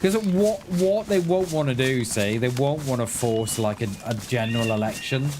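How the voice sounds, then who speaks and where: A man's voice: mid-range voice, normal speed, noisy background. Rambling man streaming a game. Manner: rambling, thinking aloud with frequent restarts and chuckles. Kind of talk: casual live-stream chat while gaming.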